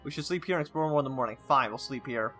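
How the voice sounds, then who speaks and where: A man's voice: medium pitch, rapid-fire, bright, forceful tone, soft background music. A man playing a story game, reading its text aloud with stumbles and breaking off into casual asides. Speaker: gaming channel host.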